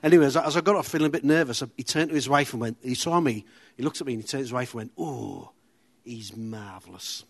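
A man's voice: fairly high pitch, racing. A man from Middlesbrough with a Teesside accent giving an informal sermon in a chatty, self-deprecating way, full of humorous anecdotes. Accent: Teesside English. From Middlesbrough, England. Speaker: church speaker.

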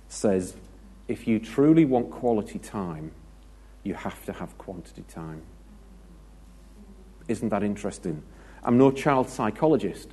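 A British man gives a relaxed, conversational sermon in a low voice. His tone is mellow and a little husky, and he keeps it light with jokes, stories and asides to the congregation. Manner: chatty and joking, with anecdotes and asides to the congregation. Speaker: preacher.

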